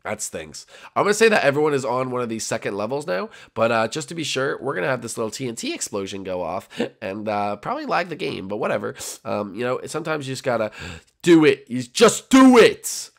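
Young male gaming YouTuber, gravelly, animated goofball delivery, Minecraft commentary. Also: quick pace. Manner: goofy, bursts into high-pitched yelling and made-up songs.

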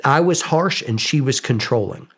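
A man, a podcast guest, telling casual stories about himself in a lively, self-mocking way, acting out bits of dialogue. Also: mid-range voice, moderate pace, gravelly, breathy edge. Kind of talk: casual storytelling. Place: podcast studio.

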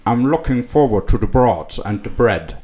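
A man doing a deliberately shoddy, exaggerated impression of a gruff Scottish film star on a comedy podcast, dropping into a low growl. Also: animated, a little hiss or hum, lightly acted. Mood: mock-solemn.

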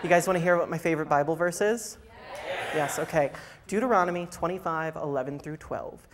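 A man's voice: on the high side, a little fast. A young man from a small Southern town doing stand-up comedy on a live stage, brash, campy and profane. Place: live comedy venue with audience. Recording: loud crowd laughter and noise.

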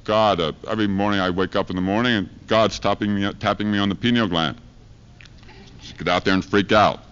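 A man's voice: on the low side, fairly even intonation, fairly quick, a bit bright, smooth. Profane rambling man, lo-fi archive. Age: 1970s live archive recording. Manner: rambling, profane, rhyming chants. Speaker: street preacher comedian. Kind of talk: irreverent stand-up monologue. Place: university lecture hall audience. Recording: dull lo-fi 1970s live recording.

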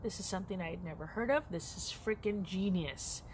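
A woman's voice: fairly low pitch, fairly quick, a little mellow. Middle-aged woman, casual vlog chat, candid, laughs often, noisy background. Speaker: crochet vlogger.

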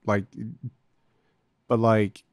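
A man's voice: fairly low pitch, flat delivery, extremely slow, smooth, dry recording, clean studio sound. A man co-hosting a podcast, chatting bluntly about politics and swearing often. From Canada. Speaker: podcast co-host. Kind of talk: casual political chat.

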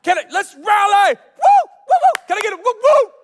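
A man voicing a nervous young man called to lead, who stammers out pleas and excuses and sometimes bursts into shouted rallying cries. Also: high-pitched, sing-song, moderate pace, some chatter behind, full character voice. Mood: fired-up shouting. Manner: stammering, pleading, then shouting rallies. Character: anxious young man called to lead, turning fired-up rallier.

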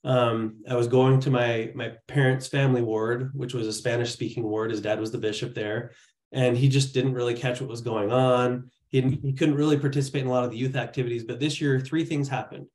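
A man's voice: mid-range voice, level tone, a little fast, a little mellow, reverberant. Earnest man presenting on a video call. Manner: earnest, storytelling, many restarts. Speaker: church training presenter. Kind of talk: casual training talk.

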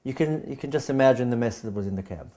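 A man with a medium-pitched voice gives a personal testimony, telling his story haltingly with many repeats and restarts. He grows animated whenever he acts out scenes.

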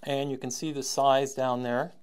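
A man giving a recorded university lecture, halting with many ums and frequent throat clearing, with wry, sardonic asides. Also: medium pitch, little pitch movement. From Canada.

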